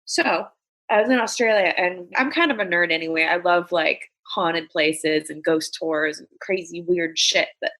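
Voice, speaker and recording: A woman comedian from Los Angeles, USA, appears as a guest in a casual interview, telling stories bluntly and candidly with plenty of swearing. Her voice is lowish and a bit bright, at a normal speed.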